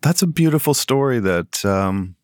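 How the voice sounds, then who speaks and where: A man's voice: medium pitch, expressive, moderate pace, a little mellow, no echo. Man, podcast host, curious questions, dry close-mic sound. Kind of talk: interviewing.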